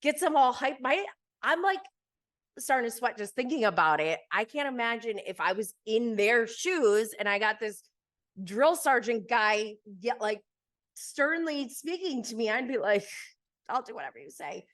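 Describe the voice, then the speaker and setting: A fairly high, bright woman's voice, expressive and unhurried, belongs to a podcast host recapping reality TV. She chats casually and animatedly, laughing often and leaning heavily on fillers.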